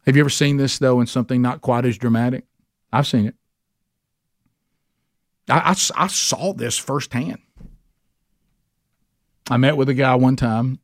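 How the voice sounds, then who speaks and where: A man's voice: medium pitch, normal speed, pauses often, dry recording, studio quality. A man teaching a men's Bible study in an earnest, emphatic preaching style, with a Southern US accent. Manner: earnest, emphatic preaching with sudden rises for stress. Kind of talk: sermon.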